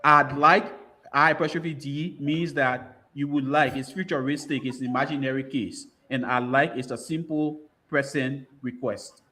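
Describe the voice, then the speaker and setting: A man's voice: mid-range voice, bright, forceful tone. A man with a Liberian English accent moderating a school quiz bowl, reading questions and repeating commands to hurry contestants.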